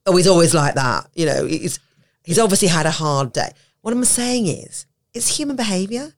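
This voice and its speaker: A woman talking on a podcast about teaching, animated, often acting out quoted voices and laughing. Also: on the low side, moderate pace. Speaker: podcast guest, autism educator. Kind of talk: conversational podcast talk.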